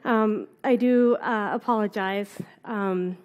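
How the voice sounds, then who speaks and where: A woman's voice: medium pitch, slow pace, darkish tone, smooth. A young adult woman from Canada with a cold, giving a casual, rambling conference talk full of fillers. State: has a cold, on cold medicine. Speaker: conference speaker. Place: conference hall.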